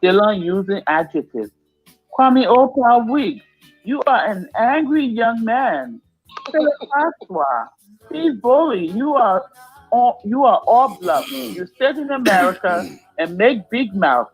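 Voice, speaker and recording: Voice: medium pitch, big pitch swings, slow, breathy edge, faint music behind, rough recording. A radio host, reading out listener comments live on air.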